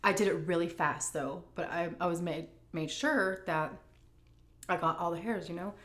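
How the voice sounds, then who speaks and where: A middle-aged woman food vlogger telling a story and answering questions in a chatty, animated way full of fillers. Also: on the low side, normal speed. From United States. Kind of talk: casual storytelling and Q&A.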